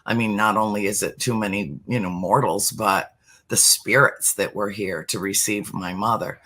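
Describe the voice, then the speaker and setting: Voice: sits low, steady tone, normal speed, sharp tone. Earnest, emphatic middle-aged speaker. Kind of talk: heartfelt spiritual talk.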